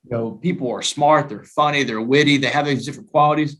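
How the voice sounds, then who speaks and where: A man, a guest author telling his story in an emphatic, animated way during a talk-show interview. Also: medium pitch, quick pace.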